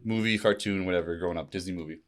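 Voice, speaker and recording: Man, young adult, co-host, casual chat, blunt, profane, rapid speech. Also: low voice. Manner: blunt, swears a lot, joking.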